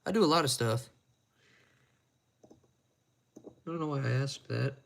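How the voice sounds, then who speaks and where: A man's voice: medium pitch, measured pace, creaky. A man chatting casually on a live stream while he repairs watches at his bench, rambling and making crude, self-mocking jokes.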